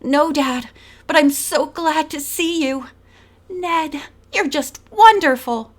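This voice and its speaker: An eager young woman detective speaks out earnestly in a bright, high voice, read by a woman narrator. She sounds brave and quick, like the heroine of an audiobook mystery. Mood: relieved.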